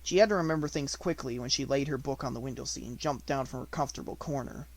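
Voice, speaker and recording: A man narrating a children's classic in an even, measured reading. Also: medium pitch. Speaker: audiobook narrator. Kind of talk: unabridged audiobook reading.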